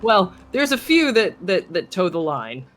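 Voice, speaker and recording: A man's voice: high voice, very animated, a little slow, over music. A man with a mixed Irish and American accent, co-hosting a casual late-night podcast chat, tired and a bit drunk, rambling and cutting himself off. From Ireland. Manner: rambling, self-interrupting, loopy. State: tired and tipsy. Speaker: podcast co-host.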